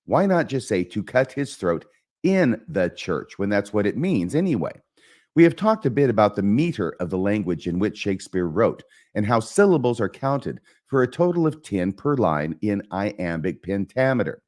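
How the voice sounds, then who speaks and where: A man with a low voice hosts a literature lesson. He explains the verse line by line with lively, animated intonation. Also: moderate pace. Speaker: host.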